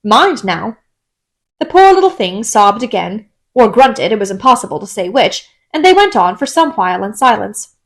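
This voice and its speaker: A woman narrating a classic children's novel as a storybook reading, in a gentle, expressive storytelling manner. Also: medium pitch, moderate pace. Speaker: audiobook narrator.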